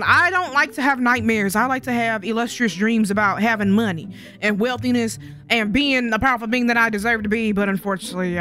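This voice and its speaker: A young adult gaming creator talks over gameplay in a sassy, rambling way, swearing freely and joking at the audience. The voice sounds bright and a little tense, with soft music running underneath. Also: mid-range voice. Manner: sassy, rambling, profane trash talk. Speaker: gaming YouTuber. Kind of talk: casual gameplay commentary.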